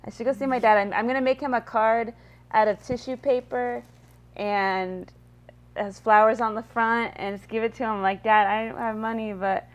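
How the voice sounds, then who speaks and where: A woman hosting a podcast, chatting casually from home over a remote call, rambling and trailing off quietly. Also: fairly high pitch, steady tone, moderate pace. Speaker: podcast host. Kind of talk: casual chat.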